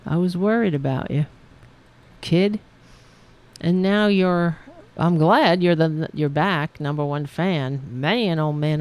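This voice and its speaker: A woman hosting a live-streamed show, chatting in a rambling, halting way, laughing and thanking viewers. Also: on the low side, a little mellow. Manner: rambling, halting, laughs often, talks to her cats. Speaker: podcast host reading viewer comments. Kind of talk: casual live-stream chat.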